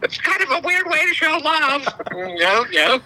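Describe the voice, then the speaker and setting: A man's voice: extremely high pitch, sing-song, moderate pace, sharp tone, a little hiss or hum, poor audio. A man co-hosting a casual podcast, teasing his friend and laughing often. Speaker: podcast co-host.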